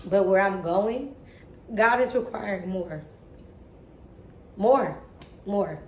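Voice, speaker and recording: A woman's voice: mid-range voice, a little slow, reverberant, a little hiss or hum. A young woman talking to camera in an emotional vlog about faith, earnest and a little tearful, with casual slang. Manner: earnest, self-motivating, preachy, casual slang. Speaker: vlogger.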